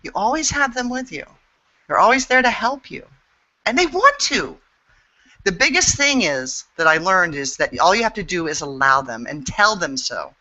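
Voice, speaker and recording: A woman's voice: medium pitch, very animated, moderate pace, pushed and bright, muffled recording. A woman speaking as an interview guest and intuitive healer, frank and earnest, swearing freely as she talks. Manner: earnest and emphatic. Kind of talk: candid interview talk.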